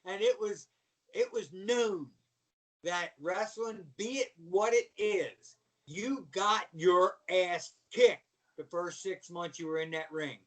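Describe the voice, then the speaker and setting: Middle-aged ex-wrestler guest from Baltimore, slangy storyteller with a high voice, sitting back from the mic. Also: male voice, slow pace, recorded from a distance, low-quality recording. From Baltimore, USA. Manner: animated storyteller, slangy, says "man" a lot. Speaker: podcast guest, former wrestler. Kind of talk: casual storytelling interview.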